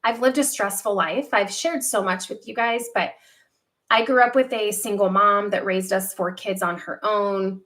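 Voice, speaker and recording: A woman in her thirties hosting a casual livestream from home, telling a personal story candidly, with lively quoted asides. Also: mid-range voice, normal speed. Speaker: livestream host.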